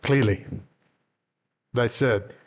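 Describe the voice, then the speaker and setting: A man in his fifties with an Australian accent, talking in a loose, digressive monologue full of asides and casual swearing. His voice sits at an ordinary pitch for a man. The recording is somewhat dull and lo-fi. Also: drawn-out words. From Western Australia. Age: 50s. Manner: casual, digressive, swears freely, chuckles at own stories. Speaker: commentator. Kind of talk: rambling monologue.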